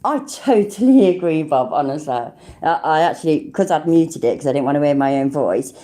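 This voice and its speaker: Low-voiced, sweary British woman streaming. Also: expressive, fairly quick, warm tone. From Britain. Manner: chatty, swears freely, laughs often. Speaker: livestream host. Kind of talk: casual livestream chat.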